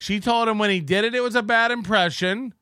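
A man's voice: high-pitched, fairly quick, bright, forceful tone, clean tone, no echo, clean studio sound. A male host giving crude, sarcastic commentary on stream clips and mimicking the people in them.

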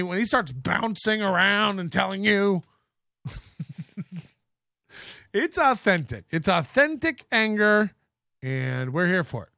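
A man's voice: sits high, bright, forceful tone, no room sound, clean studio sound. A man hosting a comedic commentary show, mocking clips and ranting with a joking edge. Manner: mocking, ranting, mimics others in exaggerated voices. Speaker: show host.

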